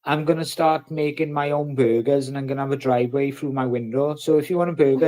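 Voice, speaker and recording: A man's voice: mid-range voice, steady tone, fast, few pauses, a little mellow. A man hosting a casual livestream, ranting and swearing in between jokes. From Wales. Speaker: livestream host.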